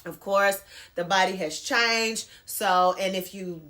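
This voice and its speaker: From a home bedroom near her closet, a middle-aged fashion vlogger chats casually through a clothing try-on haul, slow and fairly even in a sharp-toned, medium-pitched voice. She keeps calling her viewers "girl" and "y'all."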